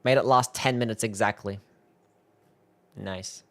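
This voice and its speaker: A man's voice: on the low side, steady tone, measured pace. Swearing, self-mocking young streamer guy. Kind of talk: live reaction stream.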